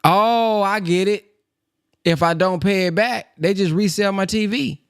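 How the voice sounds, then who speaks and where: Animated man hosting a call-in study. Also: high voice, unhurried, smooth. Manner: animated, exclaims often, slips into skits of a pawnbroker. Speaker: host of a phone-in study call. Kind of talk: casual call-in discussion.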